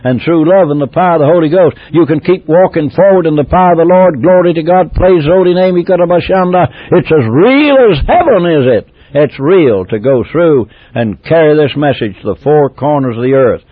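A man preaching a testimony sermon, swinging from loud exclamations to hushed, tender tones, repeating phrases and restarting as he goes. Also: a little high, animated, fairly quick, few pauses, no room sound. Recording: tinny phone-like dry tape recording.

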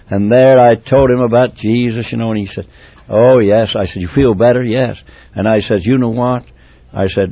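A man preaching a testimony sermon, swinging from loud exclamations to hushed, tender tones, repeating phrases and restarting as he goes. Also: medium pitch, dry recording. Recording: tinny phone-like dry tape recording.

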